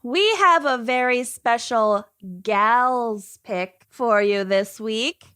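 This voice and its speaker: Slow, dry-talking woman. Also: a little high, a bit bright, clean tone. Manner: unhurried, dry, swears casually. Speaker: podcast co-host. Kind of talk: casual chat.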